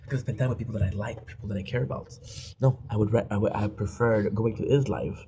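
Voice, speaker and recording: A man's voice: fairly low pitch, fast, dark tone, rough recording. A man talking candidly to his own recording in a confessional vlog, often tagging on "right?", a native French speaker, with faint noise behind. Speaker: vlogger. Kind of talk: confessional monologue. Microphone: self-recorded.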